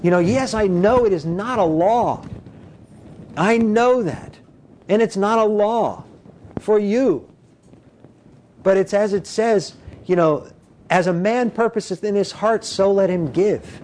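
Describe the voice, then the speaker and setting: Man, preacher, casual sermon, lively quoted voices, slightly high voice, faint background noise. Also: slow, pauses often. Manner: animated, acts out quoted voices with big pitch jumps; conversational, frequent "you know".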